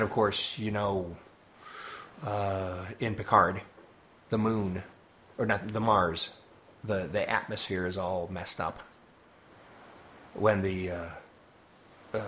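A man's voice: low-pitched, fairly even intonation, slow, pauses often, fairly bright tone, slight background noise. A man co-hosting a podcast, chatting casually and laughing often. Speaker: podcast co-host. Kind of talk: casual chat about comics.

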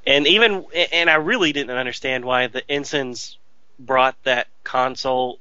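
Man, rambling podcast co-host, bright tone, dull dry recording. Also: mid-range voice, normal speed, clean tone, no echo. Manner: hesitant, rambling, self-deprecating. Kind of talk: casual chat.

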